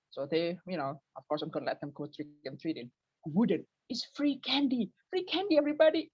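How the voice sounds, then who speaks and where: A woman doing self-mocking stand-up comedy from home over a video call, switching into a high voice when she quotes people. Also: slightly rough, no echo, highs cut off. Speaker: open mic comedian. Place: home, early morning.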